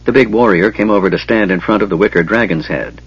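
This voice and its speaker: A man narrating an audiobook in a steady, even reading. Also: lowish voice, quick pace, breathy edge. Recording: dull lo-fi, dry.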